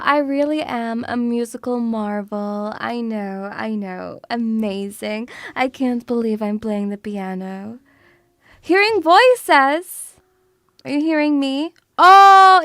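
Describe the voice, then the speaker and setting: A woman's voice: fairly high pitch, slow pace, hardly any pauses, a bit bright, smooth, no echo. A woman streaming casually, bubbly and teasing, calling her viewers pet names. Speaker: VTuber streamer.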